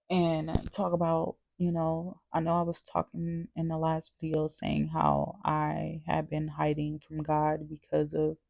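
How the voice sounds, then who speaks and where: A woman's voice: sits low, creaky, warm tone, no room sound, studio quality. A woman vlogger giving a candid, confessional testimony to camera, earnest and repeating her phrases for emphasis. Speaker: faith vlogger.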